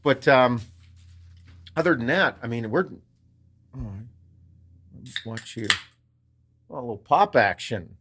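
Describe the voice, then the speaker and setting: A man's voice: mid-range voice, lively intonation, measured pace, long pauses, a bit bright. A man co-hosting a podcast, telling a story in casual chat. He swears freely, acts out quoted lines and laughs often. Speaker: podcast co-host.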